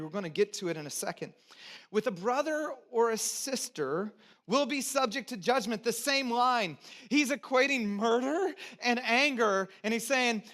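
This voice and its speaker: High-voiced pastor preaching. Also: male voice. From United States (Texas, California). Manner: conversational, invites congregation to repeat words; dynamic, swings between loud emphasis and quiet low asides. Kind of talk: sermon.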